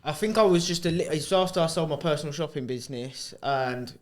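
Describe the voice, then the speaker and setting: A man's voice: fairly high pitch, brisk. A man co-hosting a podcast, explaining things in a matter-of-fact way in casual chat. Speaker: podcast co-host.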